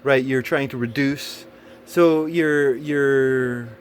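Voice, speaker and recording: A man's voice: medium pitch, fairly even intonation, slow, slight background noise. A man telling a personal story in a rambling monologue, swearing often and stumbling through fillers and restarts. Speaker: storyteller recounting a personal experience. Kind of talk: casual monologue.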